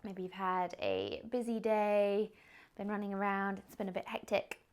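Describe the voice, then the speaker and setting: A young woman teaching a yoga class, giving calm, gently encouraging cues. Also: mid-range voice, moderate pace, clean tone. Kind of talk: guided yoga instruction.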